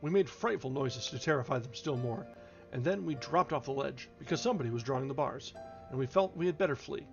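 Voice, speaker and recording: A man reading a classic novel aloud on a livestream, expressive but with occasional slips and restarts. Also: medium pitch, brisk, gravelly. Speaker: audiobook reader. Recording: dull lo-fi recording with faint music.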